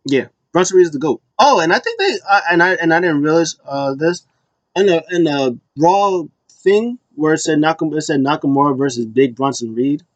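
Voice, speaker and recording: A man's voice: a little high, lively intonation, normal speed, no room sound, dull audio. A man hosting a casual solo recap, rambling with many fillers and acting out quotes in passing. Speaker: wrestling show recap host.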